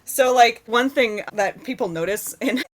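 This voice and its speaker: A woman's voice: a little high, measured pace. A woman, an author, chatting casually as a podcast guest, with a frequent "like" and "right?". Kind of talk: casual interview chat.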